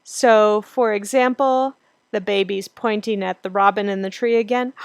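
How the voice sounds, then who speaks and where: A woman instructor explaining child language development in a clear, steady teaching voice. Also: medium pitch, normal speed, dry recording. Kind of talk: recorded lecture.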